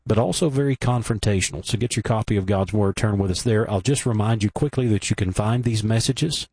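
A man hosting a radio sermon broadcast, giving a measured, explanatory introduction and pointing listeners to the archive. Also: lowish voice, a little mellow, breathy edge, no echo.

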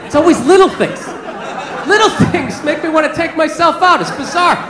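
A man performing a stand-up comedy set in a club, telling profane, animated stories. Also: very high voice, normal speed. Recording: echoey club with crowd noise. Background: audience laughter.

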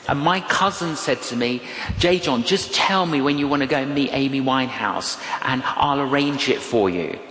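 A man preaching a storytelling sermon, dramatic and emphatic, repeating phrases for effect. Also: mid-range voice. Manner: animated, dramatic, emphatic repetitions. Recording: echoey hall with long reverb.

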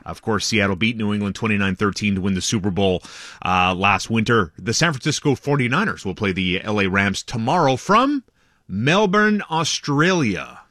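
A man's voice: on the low side, lively intonation, sharp tone, no room sound. A man reporting sports on a radio morning show in a loose, chatty way, from a studio microphone. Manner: chatty, loose, quick asides. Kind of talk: casual radio sports chat.

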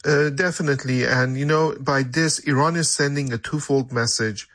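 A male correspondent in a news interview, explaining events in a measured way with some fillers and restarts. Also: mid-range voice, steady tone, fairly bright tone, no echo.

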